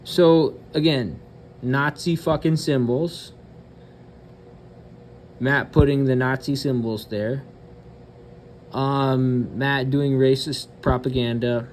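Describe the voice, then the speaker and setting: A man's voice: medium pitch, steady tone, slow, long pauses, slight background noise. A man hosting his channel, ranting bluntly and cursing often, with hesitant fillers between remarks. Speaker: channel host. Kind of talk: profane ranting commentary.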